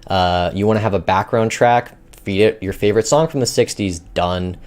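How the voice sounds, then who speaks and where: Deep-voiced rambling male host. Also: normal speed, darkish tone. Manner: loose, rambling, many fillers. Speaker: host of a finance and crypto news show. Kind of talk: casual commentary.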